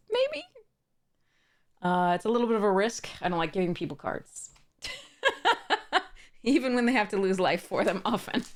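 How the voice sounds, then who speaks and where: A woman hosting a casual box-opening video, reading card text aloud, chuckling often and restarting her sentences. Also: medium pitch. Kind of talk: casual unboxing narration.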